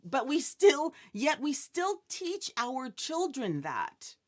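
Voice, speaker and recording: A woman's voice: high-pitched, huge pitch swings, takes it slowly. A woman hosting a live inspirational talk show, chatty and joking, often putting questions to her audience. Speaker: host.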